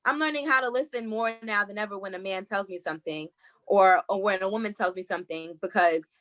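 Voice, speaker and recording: A woman's voice: mid-range voice, fairly quick, a bit bright, no echo. A woman co-hosting a casual film-review chat over a video call, earnestly explaining her view with repeated starts. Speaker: podcast co-host reviewing a film. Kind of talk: casual group discussion.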